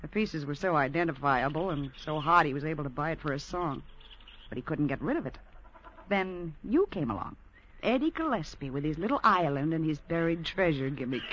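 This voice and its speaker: A woman's voice: sits low, lively intonation, brisk, a bit bright, a little hiss or hum. An actress playing a scheming woman who teases her lover and demands money, in a 1950s radio drama with mocking laughter. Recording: dull lo-fi old radio broadcast.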